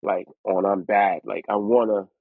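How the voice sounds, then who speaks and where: A man being interviewed as a guest rapper, telling stories in a lively way and acting out other people's voices as he goes. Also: on the low side, moderate pace, creaky, dry recording. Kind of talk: storytelling interview. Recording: dry, tinny phone-like line.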